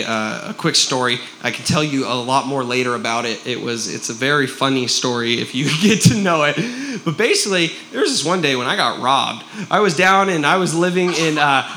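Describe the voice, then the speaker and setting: A man preaching a sermon, telling a story in an animated way and often checking in with his listeners. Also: fairly high pitch, slight background noise. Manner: animated, keeps asking "right?".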